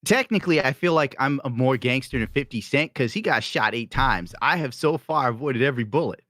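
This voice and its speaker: A man's voice: medium pitch, expressive, fairly quick, a bit bright, no echo, studio quality. A man guesting on a casual podcast, cracking crude, laid-back jokes.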